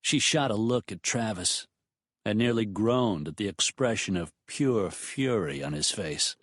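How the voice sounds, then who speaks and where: A man narrating a romance audiobook in a measured, expressive storytelling manner. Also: on the low side, no room sound, clean studio sound.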